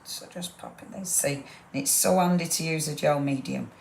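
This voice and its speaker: A woman's voice: low-pitched, moderate pace, creaky, darkish tone, a little hiss or hum. A woman leads a live crafting demo, chatty and gushing with rambling asides. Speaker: craft demonstrator. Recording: roomy echo.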